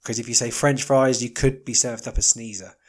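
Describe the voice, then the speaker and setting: A man's voice: medium pitch, steady tone, brisk. A man hosting a casual solo podcast, rambling with wry jokey asides and plenty of ums. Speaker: podcast host.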